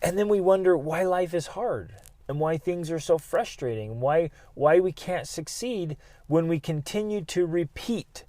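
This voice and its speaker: A man hosting a family podcast, telling a personal story in a lively way, laughing and acting out other people's lines before drawing a life lesson. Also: fairly high pitch, no echo. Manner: animated, laughing storyteller who acts out voices. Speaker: podcast host.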